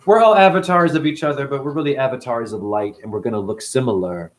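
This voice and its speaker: A man's voice: medium pitch, quick pace. A middle-aged man hosting a spiritual livestream, ranting in a profane, preachy way and answering his chat.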